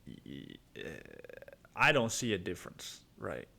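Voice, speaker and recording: A man from Mexico talks alone into the mic in a slightly low voice. He rambles in a loose, profane way, keeps saying "dude", and drifts from one thought to the next. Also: sing-song, measured pace, gravelly, sharp tone. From Cancun, Mexico. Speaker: podcast host. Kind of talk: casual solo podcast monologue.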